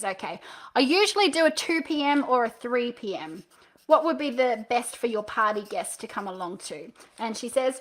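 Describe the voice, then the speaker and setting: A woman coaching on direct sales during a live stream, upbeat and animated as she acts out booking calls with viewers. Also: sits high, moderate pace. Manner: upbeat, animated coaching with playful role-play.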